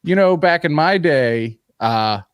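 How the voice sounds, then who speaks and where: A man's voice: a little high, animated, slow, clear, resonant tone, dry recording, voice pushed up. A man voicing a grumbling old male store customer with a folksy, complaining manner.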